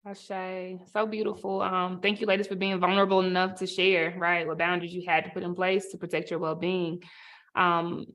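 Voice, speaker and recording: A woman moderating a virtual panel on a video call, gentle and affirming, speaking softly as she wraps up. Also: lowish voice, level tone, moderate pace. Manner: gentle, affirming, soft-spoken.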